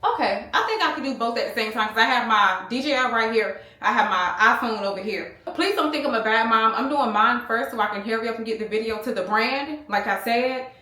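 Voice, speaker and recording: With a fairly high, bright and forceful voice, a beauty vlogger in her thirties talks briskly with few pauses, rambling to viewers she calls y'all. She's from the United States, filming at home on a small handheld camera in a reverberant room.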